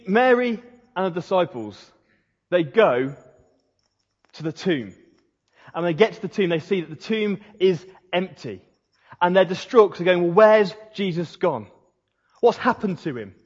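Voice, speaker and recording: Guy preaching a sermon, kinda husky, big echo from the hall, dull sound. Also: high-pitched, normal speed. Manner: storytelling, animated, dropping to a hushed voice for emphasis.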